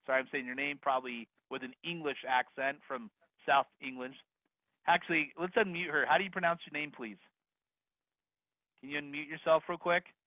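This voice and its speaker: A man teaching a live online real estate course, energetic and upbeat, talking straight to the attendees. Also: fairly high pitch, dry recording. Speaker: real estate investing instructor. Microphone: video call. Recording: dry phone-like video call audio.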